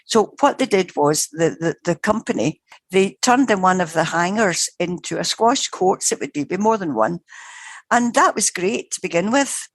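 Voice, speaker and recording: A woman's voice: fairly low pitch, lively intonation, normal speed, no room sound. An older woman, a guest researcher, telling a story in a vivid, dramatic way with frequent restarts. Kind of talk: conversational storytelling.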